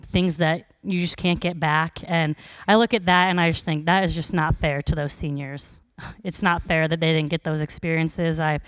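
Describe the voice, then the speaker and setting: Young woman preaching, chatty with lots of ums, smooth voice, dry close sound. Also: lowish voice, dry recording. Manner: conversational storytelling with frequent "um" fillers. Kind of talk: sermon.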